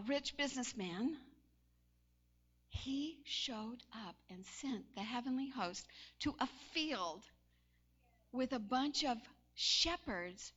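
A woman delivers a sermon in a relaxed, storytelling manner, her voice high and bright. She shifts from chatty anecdote into animated emphasis. The recording sounds somewhat dull and lo-fi. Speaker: preacher.

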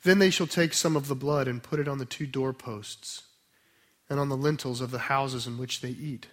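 A man preaching a sermon, explaining scripture in a conversational way, then reading a passage aloud slowly and softly. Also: medium pitch, steady tone. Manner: conversational teaching with restarts, slow and soft when reading scripture.

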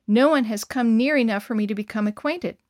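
An earnest, kind preacher, read aloud by a woman. He speaks up emphatically, in a fairly high voice. The recording is close and dry. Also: brisk, darkish tone, no room sound, lightly acted. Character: male missionary boat preacher, earnest and kind.

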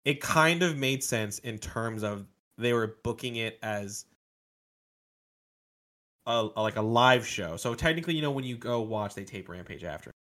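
With an expressive, mid-range voice at normal speed and a sharp tone, a man co-hosts a casual wrestling review podcast. He rambles with lots of fillers and laughs often.

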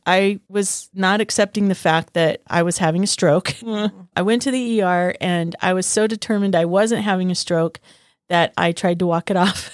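A woman's voice: lowish voice, no echo, clean studio sound. A woman co-hosting a casual podcast, telling a personal story in a wry, self-deprecating way. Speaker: podcast co-host.

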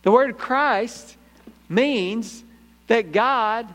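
High-voiced pastor preaching emphatically. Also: male voice, extremely slow. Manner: emphatic, calls out for "Amen?", swings between punchy lines and hushed low asides. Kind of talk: sermon. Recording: echoey hall reverb.

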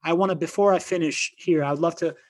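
Podcast host, man, slightly high voice, eager, stumbling delivery. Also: fairly even intonation, fairly quick. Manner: enthusiastic, stumbling restarts. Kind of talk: casual interview talk.

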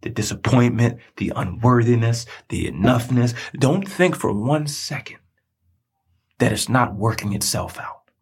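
A man's voice: medium pitch, lively intonation, a little slow, a little mellow, husky. A man hosting a podcast, telling a personal story in an earnest, preacher-like way and repeating phrases for emphasis. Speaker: podcast host.

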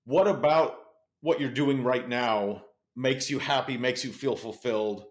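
A man's voice: mid-range voice, unhurried. A man interviewing a guest, asking questions in a hesitant way with many "um" and "uh" fillers. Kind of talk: casual interview.

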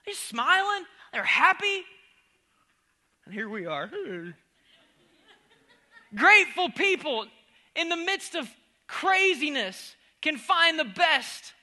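A pastor preaching a humorous sermon, swinging from loud exclamations to near-whispers. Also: male voice, extremely high pitch, lively intonation, slow pace, long pauses.

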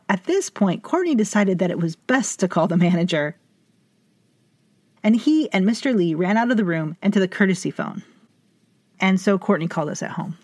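A woman's voice: medium pitch, darkish tone, dry recording. Dry, wry woman storyteller, very close. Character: vampire hotel owner narrating in first person. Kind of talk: scripted fiction narration.

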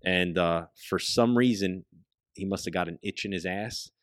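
Low-voiced man telling a profane story. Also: moderate pace, no room sound. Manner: profane, animated storyteller who drops into hushed tones. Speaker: hunting guest. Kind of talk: casual storytelling.

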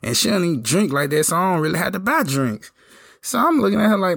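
A hoarse man telling a story in a casual, slangy, laid-back way. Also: high-pitched, big pitch swings, quick pace, a bit bright, no room sound, studio quality. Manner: laid-back slangy talk, lots of "you know what I'm saying". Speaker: podcast host telling a story.

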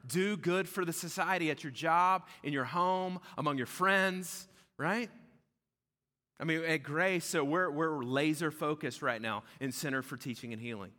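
A man preaching a sermon as pastor, conversational and animated, often checking in with "right?". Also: a little high, a little slow. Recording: echoey hall with long reverb.

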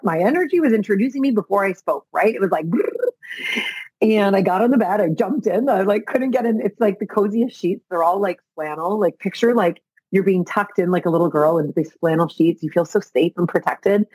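A woman's voice: fairly low pitch, a little mellow, slightly rough, no room sound, poor audio. A middle-aged woman hosting a solo motivational podcast, talking earnestly and repeating phrases as she builds to emotional intensity over a video call. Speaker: podcast host.

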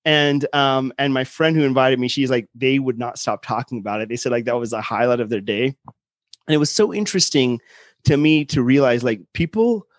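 Man, animated storyteller, casual chat, close dry mic. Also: mid-range voice, normal speed, no room sound. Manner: animated storyteller, acts out quotes. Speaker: guest.

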